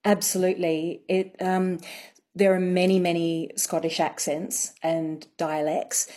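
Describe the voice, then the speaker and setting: Low-voiced woman accent coach explaining. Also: flat delivery, dark tone. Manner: measured, explanatory, with frequent ums. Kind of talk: explaining as radio guest.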